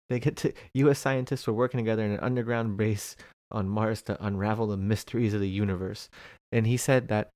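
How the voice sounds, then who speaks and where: A man's voice: on the low side, steady tone, a little fast, darkish tone, no room sound, studio quality. A man co-hosting a casual podcast chat, laid-back and laughing easily, swearing casually.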